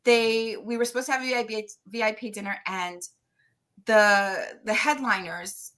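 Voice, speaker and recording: A middle-aged woman, a guest on an interview show, chatting loudly and laughing often as she tells stories. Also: a little high, steady tone, moderate pace. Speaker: guest, tarot reader and medium. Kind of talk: casual interview chat.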